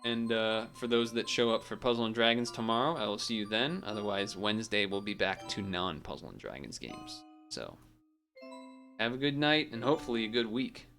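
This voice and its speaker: A young man with a Massachusetts accent chats loosely with his stream audience, his voice on the low side, fairly quick, and fairly bright. He's laid-back and full of fillers, dropping the odd swear, with soft music in the background.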